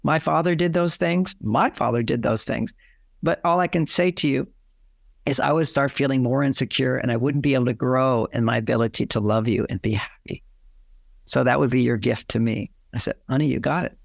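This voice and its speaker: Gravelly older man telling stories. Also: mid-range voice, a little fast, no room sound, clean studio sound. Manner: animated, acts out quoted dialogue. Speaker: relationship author and interview guest. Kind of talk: storytelling in a casual interview.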